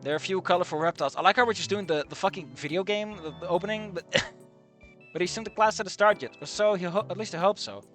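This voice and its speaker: A man's voice: sits high, fast talker, a bit bright, faint music behind. A man reading a story aloud casually and commenting on it with sarcastic, swearing asides. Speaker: reader and commentator.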